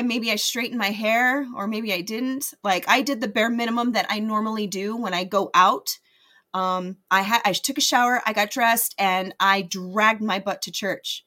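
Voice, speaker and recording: A woman's voice: fairly high pitch, a bit bright. A woman in her thirties earnestly telling a personal faith story to her viewers, confiding and unpolished, with many fillers and restarts. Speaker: faith vlogger.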